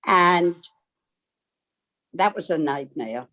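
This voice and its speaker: An older woman from Germany telling her life story in a slow, reflective, heartfelt way over a video call. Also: on the low side, lively intonation, pushed and bright, rough recording. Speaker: interviewee. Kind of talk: personal storytelling.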